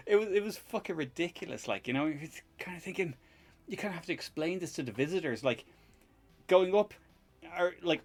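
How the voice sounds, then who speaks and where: A man hosting a live stream in casual chat while he tinkers, rambling, laughing often and swearing casually. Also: on the high side.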